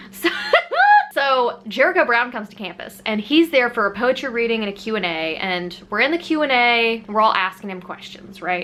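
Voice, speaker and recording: A young woman telling a personal story to camera in a candid, animated way, swearing casually and laughing at herself. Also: a little high, a little hiss or hum. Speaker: vlogger.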